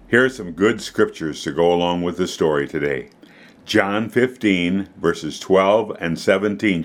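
Low-voiced man hosting a kids' program. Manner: warmly expressive storyteller, slows for emphasis. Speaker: host of a children's devotional program. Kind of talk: scripted narration for children.

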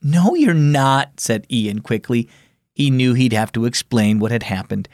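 A man's voice: on the low side, steady tone, normal speed, a little mellow, no room sound, clean studio sound. A man hosting a children's devotional program, reading scripted narration and asking the listener friendly questions.

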